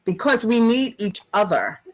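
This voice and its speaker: A woman's voice: fairly high pitch, lively intonation, normal speed, low-quality recording. A woman hosting a podcast conversation, affirming and emotionally open, speaking reflectively. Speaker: podcast host. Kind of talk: casual chat.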